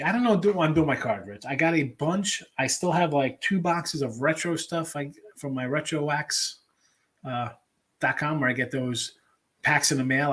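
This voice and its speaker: A middle-aged man hosting a live sports betting show, chatting loosely with viewers and rambling as he thinks aloud. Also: on the high side. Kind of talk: casual live-stream chat.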